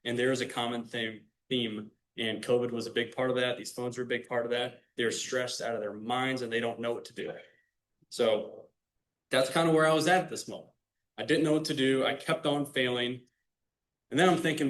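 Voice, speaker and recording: A young man from Illinois gives a personal faith testimony to a club audience. He speaks in an easy, conversational way and keeps turning to the listeners directly. His voice sits at an ordinary middle pitch. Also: fairly even intonation, brisk, fairly bright tone. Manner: casual, earnest, addresses the audience directly. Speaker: guest speaker. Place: club meeting room.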